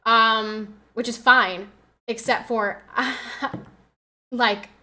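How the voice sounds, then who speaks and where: A woman streamer chats from her home setup, her voice pitched a little high and very bright. She rambles through stories with plenty of fillers and some swearing. Her tone stays sharp and forward throughout. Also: fairly even intonation, drawn-out words. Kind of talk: casual livestream chat.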